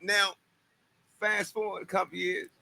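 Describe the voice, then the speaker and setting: Loud animated comedian, high bright voice. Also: male voice, a little slow, gravelly. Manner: loud, swings from mutters to shouted punchlines. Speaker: comedian guest. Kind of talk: animated storytelling.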